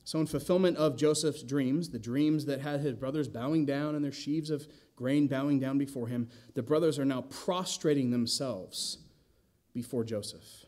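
A man's voice: medium pitch, moderate pace, a little mellow. A man preaching an expository sermon in a church, asking the congregation rhetorical questions and adding wry asides. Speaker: pastor. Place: church sanctuary.

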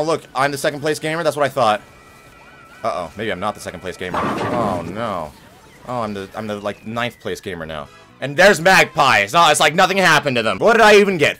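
A young man hosting a gaming video, commenting on a race and swinging from low muttering to shrill, mock-furious yelling. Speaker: gaming channel host. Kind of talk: let's-play race commentary. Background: game music.

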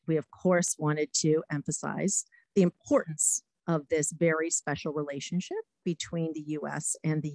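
Low gravelly woman telling stories. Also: dry recording, low-quality recording. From United States. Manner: lively anecdotes, acts out quotes, laughs often. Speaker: former diplomat giving a talk. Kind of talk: storytelling talk.

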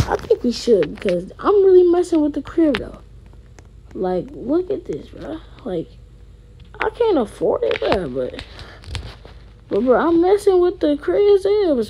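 A woman's voice: on the high side, dark tone, slight background noise. A woman talking casually to viewers while playing a life-sim game, rambling in slang. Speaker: gaming vlogger. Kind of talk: casual game commentary with role-play.

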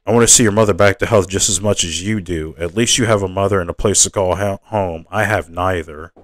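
A man's voice: low-pitched, a little fast, dry recording, lightly acted. A man reading aloud and voicing a proud, condescending young princess who lectures the others in a lofty tone. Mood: stern.

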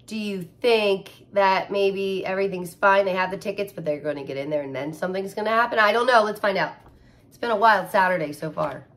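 A woman's voice: mid-range voice, brisk, a bit bright. A woman teacher reading a picture book aloud to children, adding sound effects and asking them questions.

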